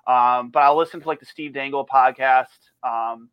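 A man's voice: mid-range voice, fairly even intonation, moderate pace, clean tone, no room sound, dull audio. A man chatting as a podcast guest, telling rambling stories with restarts, swearing and laughter. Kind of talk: casual chat.

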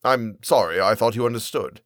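A man's voice: lowish voice, a little fast, fairly bright tone, no room sound, clean studio sound, close to an everyday voice. A man playing a polite, falsely kind uncle who talks in a smiling, benevolent way. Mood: smooth. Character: smooth, falsely kind middle-aged uncle.

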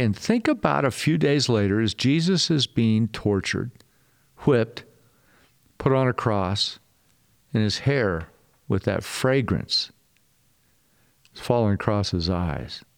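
A man preaching a sermon in a casual, animated way, with slangy asides to his listeners. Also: fairly low pitch, creaky. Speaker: pastor.

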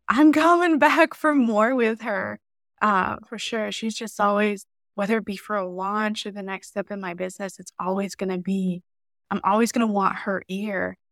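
A woman's voice: mid-range voice, no room sound. Chatty woman with a dry close sound. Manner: lively storytelling, often says "like". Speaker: podcast guest, marketing mentor. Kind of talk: casual interview chat.

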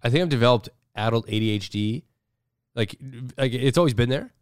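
A man co-hosting a podcast in casual chat, animated, laughing often and acting out the voices he quotes. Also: medium pitch, brisk, smooth, no echo, studio quality. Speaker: podcast co-host.

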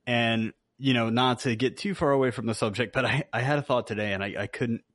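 A man's voice: medium pitch, steady tone, fairly quick, fairly bright tone, no room sound. Laid-back man on a dry mic. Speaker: podcast co-host. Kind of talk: casual chat.

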